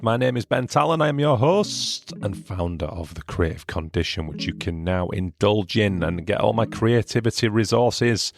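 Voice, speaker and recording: A man in his forties with a husky voice from a chest virus, chatting casually and rambling a bit as a solo podcast host. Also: lowish voice, lively intonation, moderate pace, hardly any pauses. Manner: chatty, rambling, self-deprecating.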